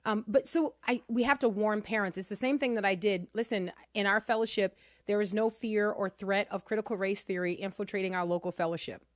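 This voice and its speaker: A woman's voice: medium pitch, brisk, few pauses, no echo, studio quality. A middle-aged woman co-hosting a talk radio show, chatty and emphatic, laughing easily between points. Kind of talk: casual talk radio commentary.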